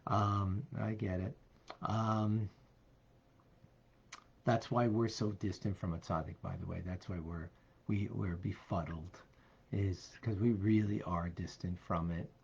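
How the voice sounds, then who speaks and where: A man teaching as a rabbi, answering a question casually with many fillers and soft laughs. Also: deep voice, steady tone, unhurried, creaky, husky, highs cut off.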